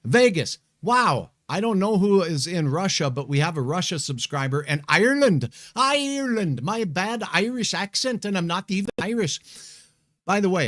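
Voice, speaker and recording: Folksy, excitable high-voiced man. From Montana. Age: middle-aged. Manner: folksy, chatty, excitable shout-outs to viewers. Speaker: weather show host, meteorologist. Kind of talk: casual live-stream chat.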